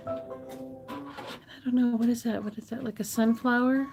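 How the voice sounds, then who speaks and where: A woman's voice: a little high, fairly even intonation, normal speed, vocal fry, pauses often, a little mellow, soft background music. A woman hosting a casual live sewing demo from a sewing shop, chatting admiringly and answering viewers by name. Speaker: sewing shop livestream host.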